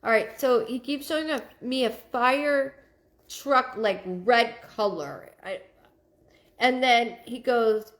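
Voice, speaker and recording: A woman with a slightly high voice and lively intonation runs a live stream as a psychic medium. She thanks viewers by name, and her relayed messages come out in a searching, halting way.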